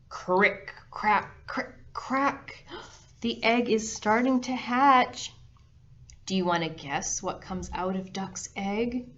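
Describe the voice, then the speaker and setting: Slow, gentle storytime librarian woman. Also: medium pitch. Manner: gentle, animated reading with gasps and sound effects for children. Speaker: children's librarian. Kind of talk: storytime picture-book reading. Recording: slightly dull lo-fi sound with faint noise.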